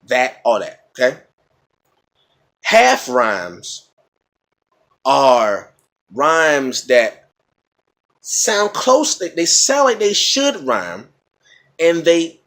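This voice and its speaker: A man's voice: fairly high pitch, fairly bright tone. A man casually explaining battle rap rhymes in a teacherly way, repeating example words and checking in with "okay?".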